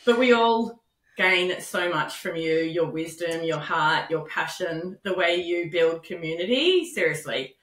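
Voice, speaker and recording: A woman's voice: lowish voice, expressive, unhurried. Gushing woman guest, echoey distant mic. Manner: warm, gushing, sing-song. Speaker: podcast guest. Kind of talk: casual chat.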